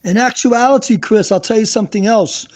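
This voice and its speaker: A man's voice: sits high, a little fast, a little mellow. A man who hosts a live chat and was once police, firmly correcting his guest. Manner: firm, correcting. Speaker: live show host, former police.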